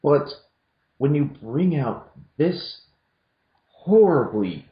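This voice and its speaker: A man co-hosting a casual film review chat, giving blunt opinions in an animated way. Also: medium pitch, moderate pace. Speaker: co-host. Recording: dull lo-fi sound in a roomy echo.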